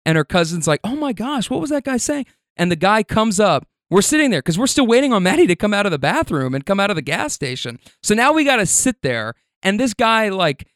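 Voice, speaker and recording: Chatty, smooth-voiced man telling a story. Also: high-pitched, no echo, clean studio sound. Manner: rambling, with many restarts and chuckles. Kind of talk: casual anecdotal storytelling.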